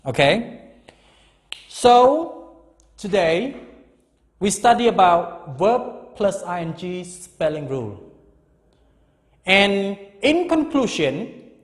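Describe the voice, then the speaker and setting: A man in his fifties teaching an English grammar lesson, speaking slowly and emphatically and repeating key words. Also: high voice, in a large hall.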